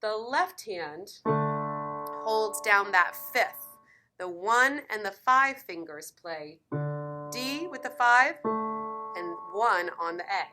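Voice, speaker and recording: A woman's voice: mid-range voice, lively intonation, extremely slow, pauses often. A woman teaching piano in a lesson video, encouraging and counting beats aloud.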